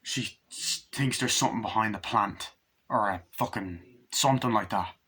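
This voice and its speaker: A man giving a casual movie review, excited and profane, retelling scenes with eager fan enthusiasm. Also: on the low side, moderate pace, husky.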